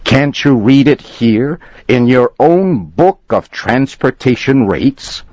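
A man voicing a furious, indignant gentleman customer who shouts and sputters. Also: mid-range voice, lively intonation, slow pace, dry recording, voice pushed up. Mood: outraged. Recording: dull lo-fi recording.

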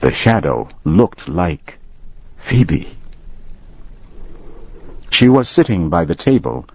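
Deep slow-reading male storyteller. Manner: clear, measured, expressive reading. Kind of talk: slow scripted story narration. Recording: dull dry lo-fi audio.

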